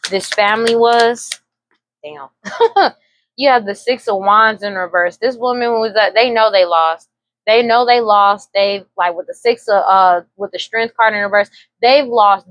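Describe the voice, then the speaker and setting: A woman's voice: medium pitch, no echo, rough recording. Rambling tarot-reading woman, dry close sound. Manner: rambling, talks fast and repeats herself; breaks into laughter. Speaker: tarot reader.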